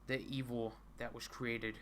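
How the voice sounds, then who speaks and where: A man's voice: medium pitch, little pitch movement, measured pace, fairly bright tone, a little hiss or hum. A man live-streaming himself reading a comic, talking casually with stammering repetitions, frequent giggles and mock-dramatic dread.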